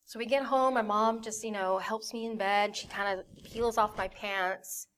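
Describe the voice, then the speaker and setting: A woman's voice: mid-range voice, fairly even intonation, moderate pace, fairly bright tone, slight background noise. A young woman giving a personal testimony in a candid way, acting out her family's voices as she tells it. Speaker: church member giving a testimony.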